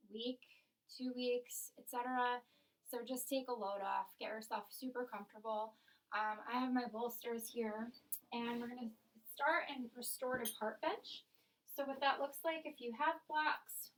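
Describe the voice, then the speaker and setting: Young woman yoga teacher, higher voice, gentle guided meditation, a little off mic. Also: far from the mic, low-quality recording. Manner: soft, slow instructing, sometimes whispered. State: out of breath.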